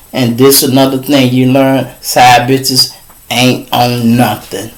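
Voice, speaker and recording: A man's voice: medium pitch, takes it slowly. A middle-aged man with a Chicago accent, hosting a podcast and telling a casual street story, calling out to listeners. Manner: animated street storytelling, addresses listeners as y'all. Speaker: podcast host.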